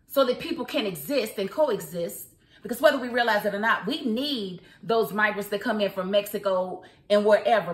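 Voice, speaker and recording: An American woman giving outspoken, opinionated news commentary, full of rhetorical questions. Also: a little high. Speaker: vlogger and commentator. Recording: roomy echo.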